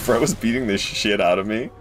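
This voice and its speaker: A man giving casual live commentary on a game, excitable, swearing casually and talking to his chat. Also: on the low side, a little slow, faint music behind. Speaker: game streamer.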